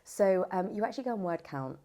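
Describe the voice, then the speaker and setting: A British woman voiceover artist talking in a podcast interview, chatty and animated with lots of fillers. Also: medium pitch, quick pace. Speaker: voiceover artist and audiobook narrator.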